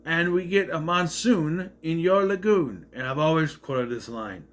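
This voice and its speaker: Guy rambling thru a movie recap, lively up and down voice, kinda high. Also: a little slow. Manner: rambling, self-correcting retelling.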